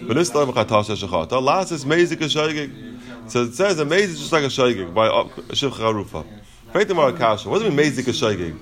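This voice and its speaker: A man's voice: medium pitch, very animated, brisk, a bit bright. A man teaching a Talmud study class, reasoning aloud and asking questions, mixing Hebrew and Yiddish terms into his English.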